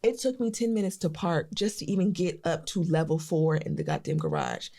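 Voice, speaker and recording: Animated woman telling a story. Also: deep voice, a little fast, gravelly. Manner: animated, swears freely, acts out voices in her stories. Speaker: podcast co-host. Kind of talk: casual storytelling chat.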